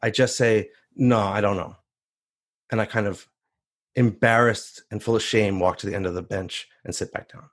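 A man telling a first-person story on stage, animated and acting out the voices of others. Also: lowish voice, normal speed. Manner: animated, acts out voices in quotes.

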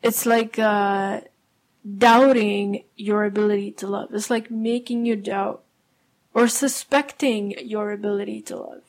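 A woman's voice: medium pitch, fairly even intonation, measured pace. A young adult woman hosting a casual solo podcast, explaining in a conversational way with frequent fillers and self-corrections. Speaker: podcast host.

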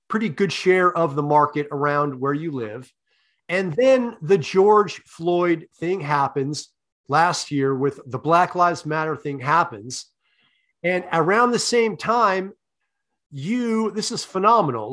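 A man hosting a comedy podcast, asking leading questions in a deadpan, profane way. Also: a little high. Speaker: podcast host. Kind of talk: comic interview.

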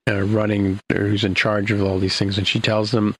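Older male host, gravelly and fairly low-pitched, loose rambling recap full of fillers. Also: completely flat delivery, normal speed, fairly bright tone, slight background noise, low-quality recording. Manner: rambling, many fillers and restarts. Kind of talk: casual episode recap.

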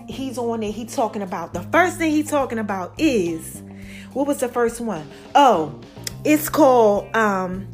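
A woman hosting a podcast, chatting casually and out of breath, calling her listeners y'all and child, with faint music behind. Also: high-pitched. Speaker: podcast host.

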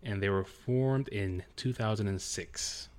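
A man's voice: on the low side, unhurried. A middle-aged man hosting a podcast, chatting casually and teasing his co-host. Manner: joking, teasing. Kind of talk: casual chat.

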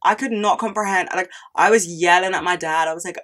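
A woman's voice: lowish voice, moderate pace, few pauses, a bit bright. A young woman in her early twenties hosting a solo podcast, chatting casually, swearing often and ranting with dramatic outbursts. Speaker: podcast host.

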